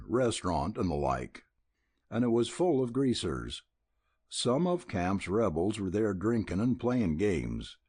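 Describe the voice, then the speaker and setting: A man's voice: lowish voice, darkish tone, slightly rough, no room sound, studio quality, full character voice. A man voicing a talkative, boastful young with an in an audiobook. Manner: drawling, folksy.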